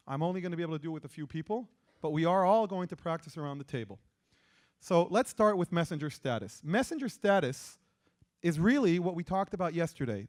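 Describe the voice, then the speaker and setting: A man with an Israeli accent giving an interactive lecture and quizzing the audience with questions. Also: high-pitched. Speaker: persuasion lecturer.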